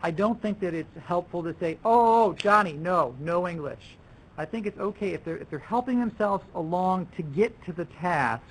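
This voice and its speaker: A man's voice: high-pitched, brisk, hardly any pauses, a little hiss or hum, poor audio. A man leading a workshop for language teachers, talking loosely with restarts and acting out what students and teachers say. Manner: conversational, with many restarts and acted-out student quotes. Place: lecture room.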